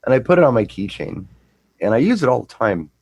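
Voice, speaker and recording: A man's voice: mid-range voice, sing-song, fast, a little mellow, slightly rough, no echo, poor audio. A middle-aged man and co-host, chatting casually and telling a rambling anecdote, often repeating words as he restarts. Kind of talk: casual chat, storytelling.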